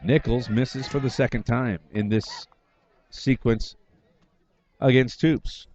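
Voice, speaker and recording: A man doing brisk, wry radio play-by-play of a baseball game from a booth at the field, correcting himself as he goes. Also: mid-range voice, steady tone, darkish tone. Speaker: play-by-play announcer. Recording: slightly dull lo-fi broadcast audio.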